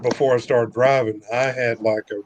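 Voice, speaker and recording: Southern guy in his 50s, long-haul trucker, rambles along in a relaxed chat. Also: mid-range voice, normal speed, slight background noise. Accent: mild Southern US, shifting. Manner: chatty, rambling, easygoing. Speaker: truck driver guest. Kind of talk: casual live-stream chat.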